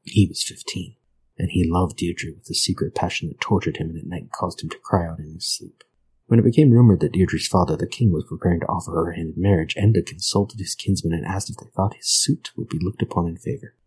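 A man reading a grim old folk tale aloud in a measured, grave manner. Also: low voice, a little mellow, slightly rough, low-quality recording. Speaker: narrator.

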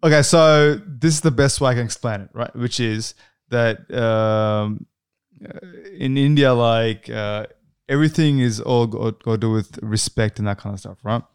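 Animated man, smooth dry voice. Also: medium pitch, moderate pace, dry recording. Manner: animated, explaining with many restarts. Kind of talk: casual chat.

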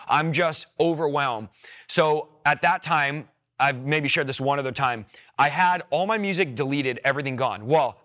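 A man in his thirties from California, sharing his personal conversion testimony as an animated storyteller who acts out his own quoted words. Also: medium pitch.

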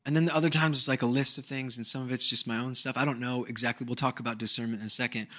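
A middle-aged male pastor preaching a sermon, candid and animated, breaking into mock voices and shouted bursts. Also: mid-range voice, very fast.

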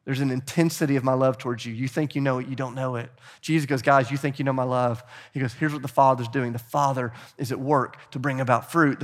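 A middle-aged man preaching a sermon as pastor, animated and urging the congregation to join in. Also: mid-range voice.

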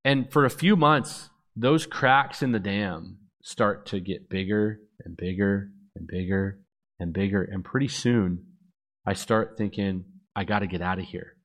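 A man in his thirties giving a personal testimony, an animated storyteller who acts out the dialogue. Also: on the low side, unhurried.

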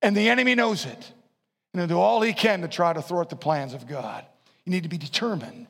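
Animated preacher with a high voice in a reverberant hall. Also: male voice, normal speed, slightly rough. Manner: animated, swings from quiet asides to shouting; acts out listeners' excuses in a low mumble. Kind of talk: sermon.

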